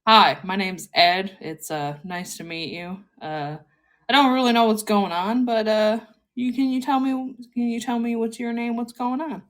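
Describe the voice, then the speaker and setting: A woman's voice: a little high, voice pushed up, close to an everyday voice. A woman voicing a friendly, confused man from her tabletop campaign, who drawls out hesitant questions. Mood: puzzled. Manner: drawn-out questions, hesitant fillers.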